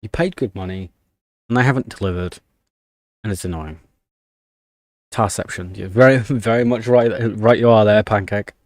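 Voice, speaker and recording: A man's voice: fairly low pitch, normal speed, long pauses, a little mellow, no room sound, studio quality. A young man chatting casually on a live stream, ranting in annoyance while typing commands at his desk. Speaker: livestreamer.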